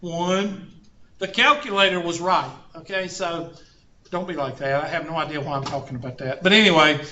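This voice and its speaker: A man's voice: a little high, normal speed, sharp tone, slight background noise. A man teaching a math class, drifting into joking stories and asides. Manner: folksy, joking asides and anecdotes. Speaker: math instructor. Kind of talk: classroom lecture. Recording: roomy, dull classroom recording.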